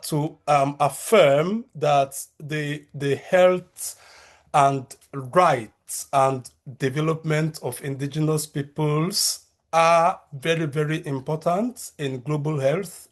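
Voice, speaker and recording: A man from Nigeria with a Nigerian accent talks at an unhurried pace over a video call, in a voice pitched slightly high for a man. He is a researcher and university lecturer who chooses his words with care, restarting phrases and filling pauses with "um" as he goes. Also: steady tone. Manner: measured, careful delivery with frequent fillers and restarts.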